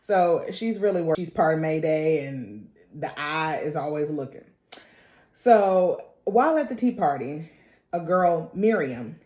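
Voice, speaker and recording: A woman's voice: deep voice, a little mellow, reverberant. Chatty, laughing woman recapping TV. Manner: chatty, slangy, laughs often. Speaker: TV recap vlogger. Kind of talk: casual TV episode recap.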